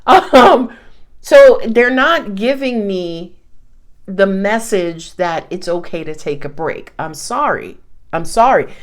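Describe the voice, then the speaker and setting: Animated woman giving a tarot reading. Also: mid-range voice, slow. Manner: animated, laughs often, swears casually. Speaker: tarot reader. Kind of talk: casual spoken tarot reading.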